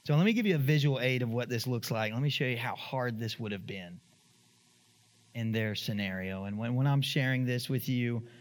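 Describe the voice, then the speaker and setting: A man preaching a sermon as pastor in a church, animated and acting out the voices of the people in his story. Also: normal speed, long reverb tail. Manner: animated, acts out quoted voices, rises to high emphatic pitch.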